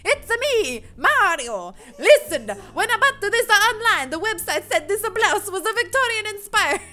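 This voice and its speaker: A woman's voice: very high-pitched, sing-song, a little slow, sharp tone, pitched above the performer's own voice, heavily acted. A woman voicing an older goth man in a hammy, over-the-top Italian accent.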